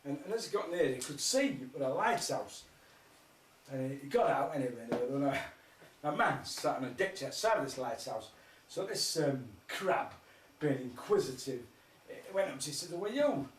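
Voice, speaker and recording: Man, stand-up comic, rambling and sweary, lively voice, roomy hall. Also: mid-range voice, normal speed, far from the mic. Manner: rambling, swearing, laughing at his own jokes. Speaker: comedian. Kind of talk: stand-up joke telling. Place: live music festival stage. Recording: roomy hall, mic from afar, faint noise.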